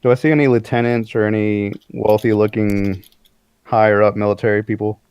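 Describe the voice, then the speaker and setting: A man's voice: fairly low pitch, flat delivery, a little fast, a little mellow, clean tone, no echo. A man playing a tabletop game, casually asking what his character sees. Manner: casual, asking short questions. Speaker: player.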